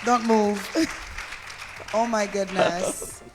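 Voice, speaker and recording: A woman's voice: mid-range voice, fairly even intonation, very slow, over music, a crowd in the background. A woman hosting a church event, making casual, enthusiastic announcements. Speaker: event host. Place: church sanctuary, live stream.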